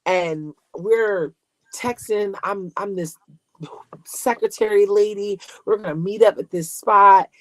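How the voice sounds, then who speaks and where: A young woman chats on a podcast, animated and quick to laugh at herself. Her pitch is middling. The sound is dry, with no room. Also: no room sound, low-quality recording. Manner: animated, self-mocking storyteller. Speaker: podcast co-host. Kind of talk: casual chat.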